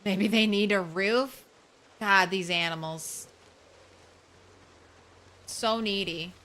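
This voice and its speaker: Slow, bright-voiced woman streamer. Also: medium pitch. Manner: chatty, swears casually, talks to the game animals. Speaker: game streamer. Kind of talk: casual gameplay commentary.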